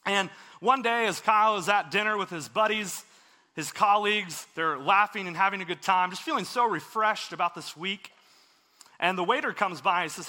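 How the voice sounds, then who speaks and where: A man delivers a sermon in a high, bright voice. He tells a story in an earnest, conversational manner, as if talking with his congregation. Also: normal speed. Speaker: preacher.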